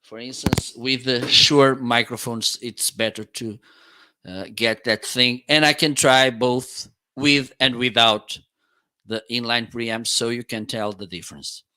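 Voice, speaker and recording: A product reviewer on a live-stream demo tries out studio microphones mounted on a boom arm, talking slowly and casually as he explains. His bright, medium-pitched voice stays fairly even in intonation.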